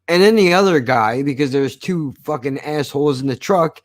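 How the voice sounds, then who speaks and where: A man recounting a TV show in a casual, profane, animated rant. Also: on the high side, normal speed. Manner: swears constantly, animated storytelling. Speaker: show reviewer.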